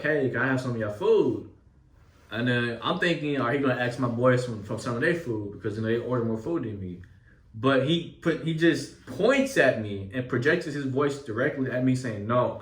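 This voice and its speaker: A young man tells a story in a loose, animated way, swearing often and leaning on street slang. He sits back from the mic, so his voice comes through distant. The room around him is echoey. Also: medium pitch. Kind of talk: casual storytelling.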